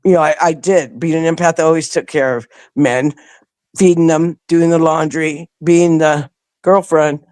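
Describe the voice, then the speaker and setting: A woman's voice: low-pitched, fairly even intonation, moderate pace, a little mellow, no room sound. A woman in a conversational interview, telling her story in a loose, rambling way. She often restarts her sentences and lifts her voice when she replays what people said. The recording is close and dry, with no room sound. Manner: acts out quoted dialogue with a rising voice. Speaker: interview guest.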